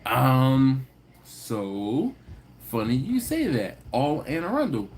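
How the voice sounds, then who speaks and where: This barbecue channel host speaks slowly in a medium-pitched, slightly mellow voice with big pitch swings. During the live stream he chats casually with viewers, tells stories, laughs often, and acts out those he quotes.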